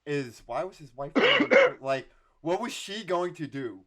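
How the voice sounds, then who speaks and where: A man co-hosting a podcast, telling stories in an animated way, swearing freely and laughing often. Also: a little high, moderate pace. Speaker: podcast co-host. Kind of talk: casual podcast chat.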